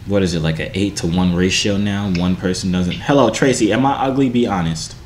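A man's voice: low-pitched, brisk, slight background noise. A young man hosting his video channel, joking and teasing strangers in a casual video chat. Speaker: YouTuber host.

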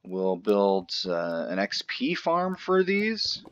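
A man's voice: on the low side, sing-song, slow pace, fairly bright tone, clear, resonant tone, lo-fi sound. A man hosting a gaming channel, talking casually through his play with joking asides to himself. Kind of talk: casual let's-play commentary.

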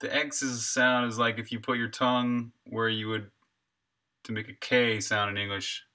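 A man's voice: mid-range voice, level tone, normal speed, pushed and bright. A man, an indie game developer, chatting casually on a live stream while he works, thinking aloud, answering chat and chuckling often.

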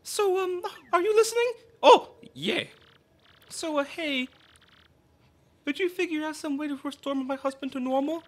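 A woman's voice: high voice, normal speed, pitched above the performer's own voice, natural voice. A woman voicing a flustered, tearful shopkeeper's wife as she reads game dialogue aloud. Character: flustered shopkeeper wife, husband turned pig.

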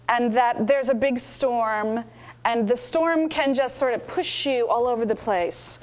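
Woman teaching acting, slow guiding instructions, lots of ums, kinda muffled recording. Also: on the high side. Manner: measured, guiding, with frequent ums. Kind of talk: workshop instruction.

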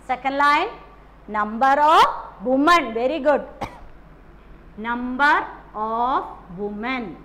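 A woman teaching a maths lesson. She drills the class slowly, repeating questions and answers in phrasing, and coughs now and then. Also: high-pitched, sharp tone, a little hiss or hum. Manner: slow, repetitive drilling with call-and-response questions; non-native English phrasing. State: coughing at times.

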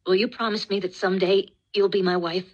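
A woman's voice: mid-range voice, fairly even intonation, fairly quick, lo-fi sound, natural voice. A woman narrating an audiobook voices an earnest young man asking for a promise of marriage. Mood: pleading.

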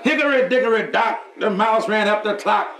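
A man with a very high voice tells raunchy jokes live on stage. A loud crowd is clearly heard around him. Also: fairly quick, noisy background. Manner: raunchy punchline delivery. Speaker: stand-up comedian. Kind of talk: live stand-up before a crowd. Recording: live club recording with crowd.

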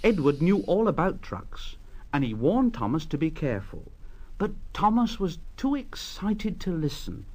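A man reading a children's story aloud in an expressive storytelling manner. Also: on the high side. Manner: expressive, unhurried. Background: music.

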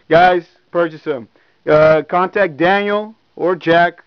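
A man's voice: high-pitched, slow pace, clear, resonant tone, dry recording. Young man, sneaker vlogger, hyped and swearing, repeats himself; lo-fi dry home audio. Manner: excited, profane, repeats himself. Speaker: sneaker reviewer. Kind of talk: casual unscripted vlog. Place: indoors at home.

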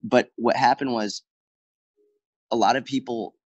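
A male fitness coach talks fast in a casual interview, animatedly recounting stories with quoted dialogue and many fillers. The recording of his mid-range voice is dry and muffled.

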